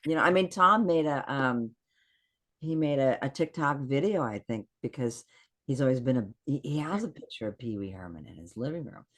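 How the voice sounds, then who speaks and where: Her voice is a rumbling low at a normal speed. She's a guest on a podcast video call, spinning stories in relaxed conversation and acting out people's words with lively energy.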